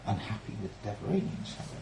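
A man voicing a composed, formal female envoy in a tabletop game, with measured speech in an echoey room. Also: close to an everyday voice. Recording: echoey room, faint background noise.

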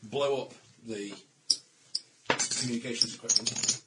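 A man's voice: medium pitch, steady tone, measured pace. A man narrating as game master in a tabletop game, laughing often. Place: hall. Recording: loud background noise.

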